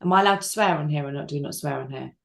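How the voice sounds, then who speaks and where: Woman telling a painful story, low-voiced. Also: racing, vocal fry. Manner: raw, emotional, frank with dry humour. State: crying at times. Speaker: interview guest. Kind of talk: candid personal storytelling.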